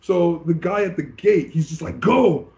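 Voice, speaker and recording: A bodybuilding competitor from Canada in a casual interview, telling his story with animated acted-out quotes. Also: a little high, moderate pace, creaky, a little hiss or hum.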